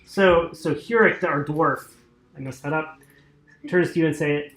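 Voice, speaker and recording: A man's voice: a little high, a little slow, a bit bright. Hesitant male game master, roomy echo. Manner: hesitant, many fillers and apologies. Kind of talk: narrating a tabletop game.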